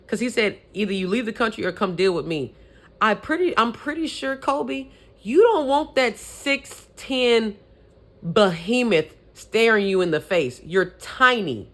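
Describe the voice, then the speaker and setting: Young woman vlogger, sassy sports rants, medium pitch, petty. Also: brisk. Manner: sassy, animated, petty trash talk. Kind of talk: opinionated sports commentary vlog.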